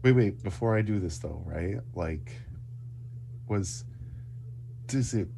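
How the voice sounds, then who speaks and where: A man's voice: low-pitched, takes it slowly, vocal fry, warm tone, slight background noise. Rambling, joking man at a game table. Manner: rambling, joking, stumbles over words. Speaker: player. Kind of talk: casual tabletop play over a voice call.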